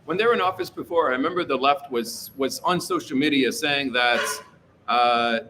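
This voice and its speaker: A man's voice: mid-range voice, moderate pace, noisy background. A man hosting a casual livestream, reading out chat and rambling through his opinions with many fillers.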